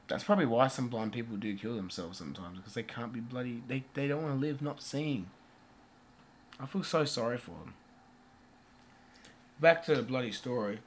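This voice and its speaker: A man talks through a movie review in a loose, unscripted way. He wanders off topic, swears casually and fills gaps with hesitant ums. His voice sits at an ordinary middle pitch. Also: fairly bright tone. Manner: rambling, swears casually, many fillers.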